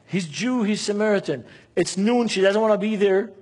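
Male preacher, high husky voice, impassioned, lots of rhetorical questions. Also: moderate pace, a little mellow. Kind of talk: sermon.

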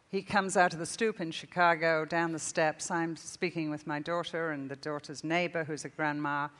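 An older woman delivers a sermon in a storytelling manner, often breaking into laughter. Her voice sits a little low. The sound carries the long reverb of a large hall. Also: a bit bright. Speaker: speaker.

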